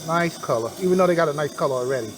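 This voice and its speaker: A man, hosting a casual cooking vlog in a relaxed, chatty way and talking while he eats. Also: on the high side, racing, noisy background. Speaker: cooking channel host.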